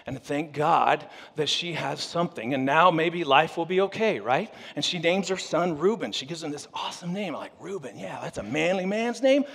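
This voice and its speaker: Jokey, animated preacher man. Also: fairly high pitch, normal speed, gravelly, hardly any pauses, in a large hall. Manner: jokey, animated storytelling with audience asides. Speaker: pastor. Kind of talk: humorous sermon.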